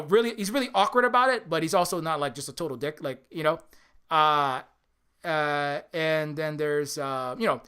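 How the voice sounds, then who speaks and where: High-voiced rambling man. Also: smooth. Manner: rambling, animated, profane, many restarts. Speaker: indie game developer streaming. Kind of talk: casual rambling stream talk.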